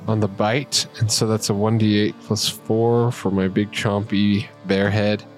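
Low-voiced man playing a tabletop game. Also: flat delivery, measured pace, faint music behind. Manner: upbeat, joking about rolls. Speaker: player. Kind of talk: casual tabletop game play.

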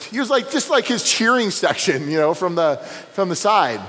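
A man's voice: high-pitched, lively intonation, normal speed, hardly any pauses, fairly bright tone. A man preaching a sermon as a pastor in a church, speaking conversationally with many fillers. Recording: long reverb with mains hum.

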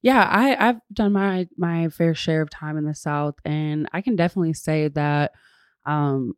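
A woman's voice: deep voice, unhurried, clean tone, no echo, studio quality. A woman guest from talking in an earnest, thoughtful way, with fillers, in a casual conversation. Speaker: podcast guest.

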